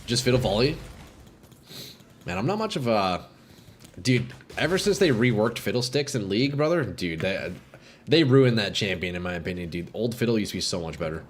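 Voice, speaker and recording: A man streaming a game live, chatting casually with viewers, excitable and swearing, sniffling from a runny nose. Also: fairly low pitch, normal speed, slight background noise. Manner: excitable, swears, calls chat "bro" and "dude". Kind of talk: casual live gameplay chat.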